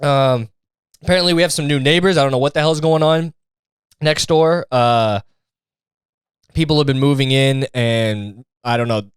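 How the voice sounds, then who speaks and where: Smooth-voiced man, rambling podcast monologue. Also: medium pitch, moderate pace, long pauses, no room sound. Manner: rambling, profane, restarts and mimics others for laughs. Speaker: podcast host. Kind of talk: casual comedic monologue.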